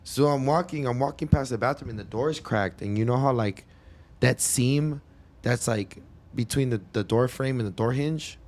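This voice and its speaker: A man in easygoing podcast chat, speaking at an ordinary middle pitch. He wanders through his anecdote, correcting himself and stopping to explain details along the way. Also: moderate pace, a little mellow. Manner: rambling, restarts and explains with asides. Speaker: podcast co-host. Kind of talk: casual chat.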